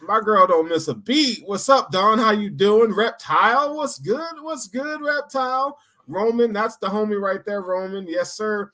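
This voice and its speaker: A man hosting a casual sports podcast, joking loudly and giving shout-outs to viewers. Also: high-pitched, a little slow. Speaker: podcast host.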